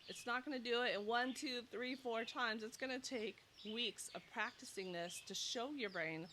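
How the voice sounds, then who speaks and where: A woman's voice: fairly high pitch, normal speed, noisy background. A woman in her thirties, a nurse giving casual sleep advice outdoors on a clip-on mic, slightly out of breath and acting out anxious thoughts. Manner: animated, acts out anxious inner thoughts. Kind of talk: casual direct-to-camera advice talk. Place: outdoors in humid heat. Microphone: clip-on mic, loosening.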